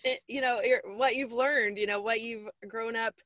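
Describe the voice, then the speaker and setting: A woman hosting a podcast, her voice pitched a little high. She responds warmly and encouragingly to her guest. The sound is dry and close. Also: fairly even intonation, moderate pace, no echo. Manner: warm, affirming. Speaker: podcast host. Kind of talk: podcast interview.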